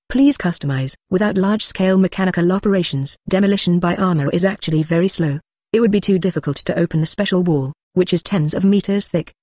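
A text-to-speech audiobook narrator reading a translated web novel in an even, monotone way. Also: mid-range voice, no room sound, clean studio sound. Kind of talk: scripted narration.

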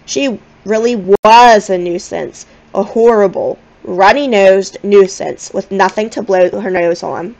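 A woman reading a children's novel aloud in a gentle, expressive storytelling manner. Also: medium pitch, measured pace, creaky, few pauses, low-quality recording. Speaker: audiobook reader.

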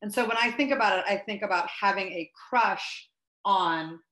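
A woman's voice: medium pitch, normal speed, a bit bright. A woman joining a video call as a participant, sharing a thoughtful reflection. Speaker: participant asking a question. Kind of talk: casual chat. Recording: echoey room on a video call.

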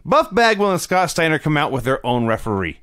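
A man's voice: a little high, big pitch swings, fairly quick, fairly bright tone, clean tone, no room sound, studio quality. A man co-hosting a casual chat, laughing often and explaining what happened. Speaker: podcast co-host. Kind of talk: casual chat recapping wrestling.

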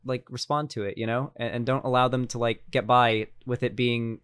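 A man's voice: medium pitch, flat delivery, moderate pace, fairly bright tone, smooth, no room sound, studio quality. A man streaming a video reaction, rambling loosely and talking to his chat. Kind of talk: casual commentary chat.

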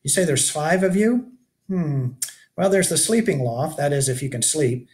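A man's voice: a little high, animated, moderate pace, darkish tone, close to an everyday voice. A man reading aloud and voicing a weary, rugged older male keeper of a shipwreck shelter who talks in a folksy, lamenting way. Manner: folksy backwoods grammar, lamenting.

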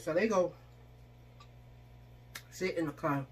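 A woman's voice: fairly low pitch, normal speed, slightly rough. A woman in casual storytelling style, speaking, acting out the people she quotes while eating on camera. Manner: chatty, acts out quoted voices, eating while talking. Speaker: vlogger.

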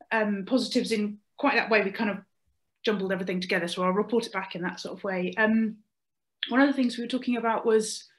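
A woman's voice: fairly high pitch, poor audio. Hesitant woman reporting back on a call. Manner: hesitant, many fillers and restarts. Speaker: webinar participant reporting back. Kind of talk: casual spoken group report. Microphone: video call.

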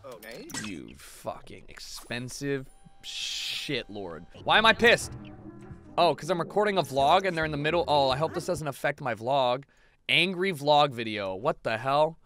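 A young man riffing loosely over a life-sim game in a bright, edgy voice that swoops high and low. He is excitable, curses freely and bursts into shouts at the screen. Faint game music plays underneath. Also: normal speed. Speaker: gaming video host. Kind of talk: casual let's-play commentary.

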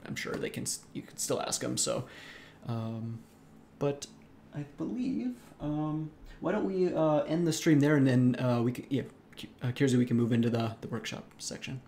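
A man's voice: medium pitch, vocal fry, warm tone. A man co-hosting a live stream, casually making announcements with plenty of fillers. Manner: loose, filler-heavy announcements. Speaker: event co-host on a stream.

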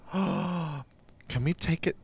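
A man's voice: on the high side, drawn-out words, gravelly, husky, dry recording. A man as a drag queen streamer, commenting casually on a life-sim game, gushing, gasping and squealing with delight and swearing freely. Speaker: drag queen let's-play host.

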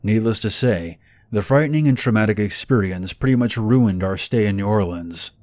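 A man narrating a true scary story in a calm, measured, scripted reading. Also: on the low side, no room sound.

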